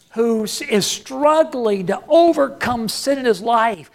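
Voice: mid-range voice, a little mellow. A preacher delivering a sermon, repeating key phrases for emphasis and calling on the congregation to say lines back and answer.

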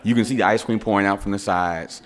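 A middle-aged man, a father, telling a family story in a casual, animated way and repeating words for effect. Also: fairly low pitch, fast talker. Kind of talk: casual spoken anecdote.

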